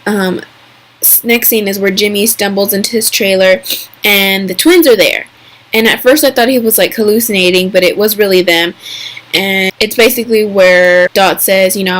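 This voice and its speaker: A young woman recapping a TV episode in a casual vlog, chatty and excitable, full of fillers and quick mimicked asides. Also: medium pitch.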